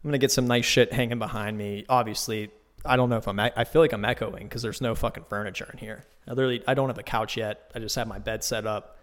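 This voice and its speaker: A man hosting his own podcast, telling a trip story in a casual, profane, animated way from a new, unfurnished home studio. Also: lowish voice, fast. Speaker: podcast host. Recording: echoey bare room.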